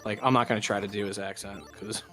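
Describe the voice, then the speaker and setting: A man's voice: fairly low pitch, steady tone, fast, bright, forceful tone, soft background music. A man hosting a livestream, chatting casually and rambling with lots of fillers. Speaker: streamer host. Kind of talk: casual chat.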